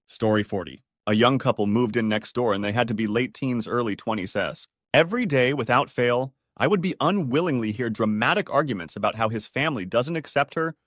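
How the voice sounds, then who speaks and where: A man narrating a string of short online stories in a steady, scripted reading voice. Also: mid-range voice, brisk, few pauses, no echo, studio quality.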